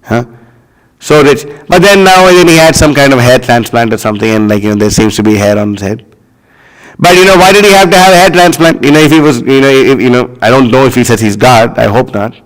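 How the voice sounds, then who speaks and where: A man giving a scripture class as a sermon, scornful and animated, leaning on lots of "you know" fillers. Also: medium pitch, fast talker, long reverb tail, rough recording. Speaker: preacher.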